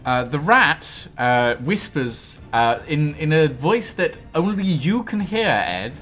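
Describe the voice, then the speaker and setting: Slow, lively-voiced male game master. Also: fairly high pitch, faint music behind. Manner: hesitant, many fillers, laughing asides. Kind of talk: narrating a tabletop game.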